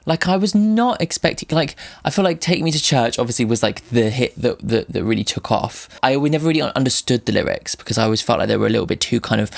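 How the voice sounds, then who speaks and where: A man's voice: medium pitch, gravelly. A man hosting a music reaction video, gushing and emotional as he unpacks lyrics in casual commentary. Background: faint music playing.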